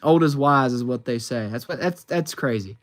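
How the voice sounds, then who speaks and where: A man's voice: mid-range voice, moderate pace. Chatty rambling young man streaming. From United States. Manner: chatty and rambling, many fillers and restarts, reads chat questions aloud. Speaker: livestreamer reading chat. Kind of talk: casual livestream chat. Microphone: phone.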